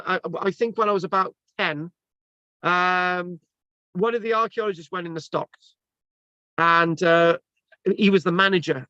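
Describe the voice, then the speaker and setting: A man talks casually on a video call, restarting his sentences and filling gaps with ums. His voice sits a little high, and the sound is close and dry. The audio is dull and lo-fi. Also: sharp tone, dry recording. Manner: rambling, many restarts and fillers. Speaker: presenter. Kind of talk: casual chat.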